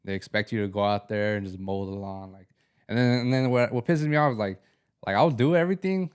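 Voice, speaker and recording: A man's voice: fairly low pitch, brisk, a little mellow, clean tone. A young man co-hosting a podcast, telling slangy, laid-back stories. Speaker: podcast co-host. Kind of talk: casual chat.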